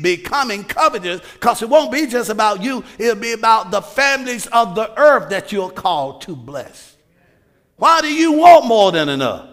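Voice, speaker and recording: High bright-voiced preacher man, emphatic, lots of questions, big hall echo. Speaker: pastor. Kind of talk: sermon. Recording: reverberant hall.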